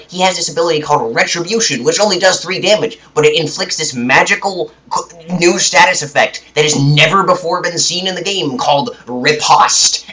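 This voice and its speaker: A man's voice: a little high, bright, forceful tone, rough recording. A young man ranting about a game in a rambling way, full of restarts and mock indignation. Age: young adult. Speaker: gaming video creator. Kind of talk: ranting commentary.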